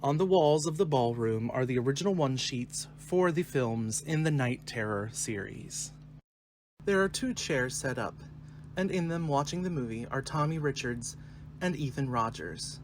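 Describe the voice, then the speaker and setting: A man narrating the stage directions of a screenplay reading in a clear, measured way. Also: medium pitch, expressive, slight background noise.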